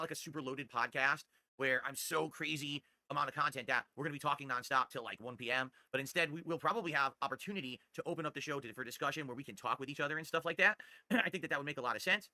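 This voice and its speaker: A streamer host, talking at home into a desktop condenser mic, gives a brash, boastful rant as a casual podcast-style livestream monologue. He has a fairly high-pitched, sharp voice, and no room sound comes through.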